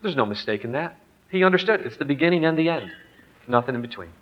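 A middle-aged man preaching a personal storytelling sermon, animated, swinging from loud to hushed. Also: on the high side, fast. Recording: dull lo-fi hall recording.

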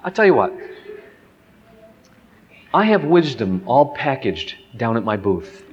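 A man's voice: medium pitch, big pitch swings, slow pace, pauses often, noisy background. A man in his forties giving a conversational sermon to a crowd, candid and folksy, telling stories from his own family life. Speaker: family seminar speaker. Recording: echoey hall, dull lo-fi sound.

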